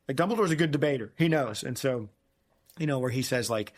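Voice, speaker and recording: A man's voice: mid-range voice, quick pace. A man co-hosting a casual book podcast, retelling scenes and acting out quoted characters in playful voices. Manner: animated, acts out quoted characters in silly voices. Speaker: podcast co-host.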